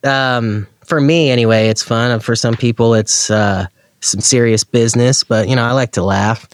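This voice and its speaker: A man's voice: mid-range voice, fairly even intonation, normal speed, no echo. Easygoing guy guest on a gear podcast, chill, calls people dude, dry sound. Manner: laid-back, friendly, says "dude". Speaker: guest, pedal builder. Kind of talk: casual podcast interview.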